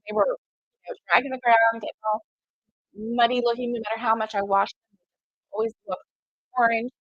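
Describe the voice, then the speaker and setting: Chatty woman, higher voice. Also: a bit bright, no echo, lo-fi sound. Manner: rambling, lots of fillers and quoted dialogue. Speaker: crochet vlogger. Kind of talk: casual storytelling chat.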